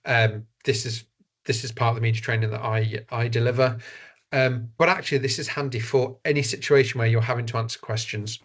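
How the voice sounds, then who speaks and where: A man's voice: mid-range voice, steady tone, a little fast. A man giving an online masterclass as a voice and media trainer, talking in an earnest, conversational way with frequent ums and restarts. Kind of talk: online presentation-skills masterclass. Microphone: video call.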